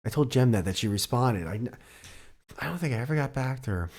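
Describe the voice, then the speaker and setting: A man's voice: medium pitch, lively intonation, a little fast, a little mellow. A middle-aged man hosting a solo podcast, rambling casually with a lot of swearing and self-deprecating jokes. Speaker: podcast host.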